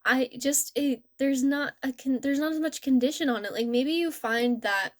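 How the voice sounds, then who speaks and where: A young woman talks through a tarot reading in a relaxed, gentle way. She rambles and restarts her sentences often. Her voice sits a little high. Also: normal speed. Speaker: tarot reader. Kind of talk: casual spiritual reading.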